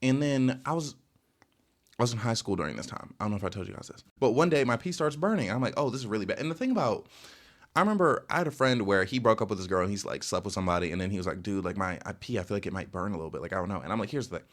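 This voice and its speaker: A young man casually telling a storytime rant, rambling with lots of filler words and sudden jumps in pitch. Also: animated, racing. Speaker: storytelling vlogger.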